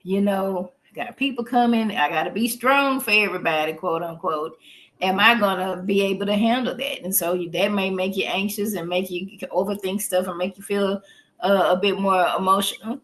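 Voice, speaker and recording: A woman's voice: mid-range voice, steady tone, moderate pace, fairly bright tone, poor audio. Chatty woman. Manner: folksy, chatty, laughs easily. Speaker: house therapist on a podcast. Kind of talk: casual podcast talk on grief.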